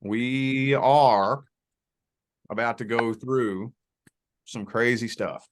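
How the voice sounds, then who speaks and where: A man's voice: medium pitch, drawn-out words, noisy background. Easygoing Southern man from Kentucky. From Southern Indiana / Louisville, Kentucky area. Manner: relaxed, repeats words when starting, frequent "you know". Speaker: guest, spiritual reader. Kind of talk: casual interview conversation.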